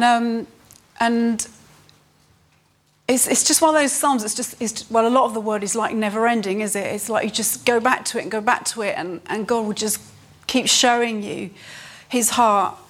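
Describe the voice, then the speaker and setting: A woman delivers an earnest sermon in a fairly high voice. She lifts her pitch to stress key points and slows down when reading scripture aloud. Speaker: preacher.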